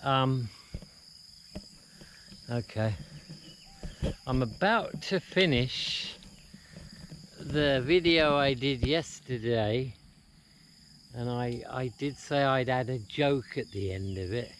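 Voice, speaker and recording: A man with a mid-range, fairly bright voice talks slowly with long pauses, giving a rambling vlog tour of his house and often restarting his sentences. He starts indoors and later moves outside to a plantation, and a faint hiss or hum sits under the audio.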